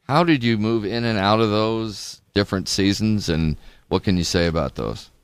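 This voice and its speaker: Deep-voiced, enthusiastic male radio host. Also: moderate pace, clear, resonant tone, dry recording. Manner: enthusiastic, easily impressed. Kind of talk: radio interview.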